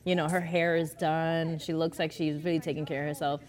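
A woman co-hosts a comedy podcast and throws in sassy, teasing remarks during casual chat. Her voice sits on the lower side. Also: flat delivery, brisk, darkish tone. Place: podcast studio.

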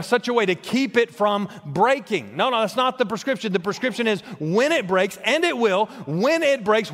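A man's voice: high-pitched, a bit bright. A man preaching a sermon as a pastor, earnest and repetitive, often restarting his words. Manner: earnest preaching with frequent word repeats and restarts. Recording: long reverb of a large hall.

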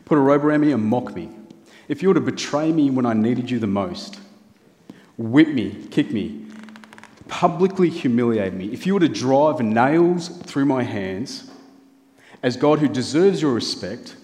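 A man preaches in a church, earnest and steady. His voice sits at an ordinary middle pitch. Long reverb from the big hall trails after each phrase. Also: a little slow. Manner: earnest, building through rhetorical lists and questions. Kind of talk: sermon.

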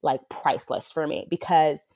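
A woman's voice: sits low, steady tone, normal speed, dark tone, no echo, studio quality. A woman therapist talking in an interview, earnest and heartfelt, with lots of fillers. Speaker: wilderness therapist for adolescent boys. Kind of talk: conversational interview.

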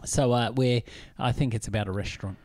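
A man hosting a podcast, chatting casually, enthusiastic, with quick affirmations as he steers the talk. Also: medium pitch, darkish tone, no room sound, clean studio sound. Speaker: podcast host. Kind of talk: casual chat.

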